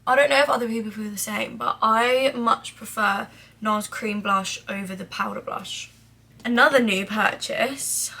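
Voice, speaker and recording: A woman's voice: fairly high pitch, steady tone, moderate pace, creaky, bright, forceful tone, slightly rough. A young woman chatting casually while doing her makeup, rambling with lots of "like" and some swearing. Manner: drops to a mutter while applying makeup. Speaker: beauty vlogger. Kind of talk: casual get-ready-with-me chat.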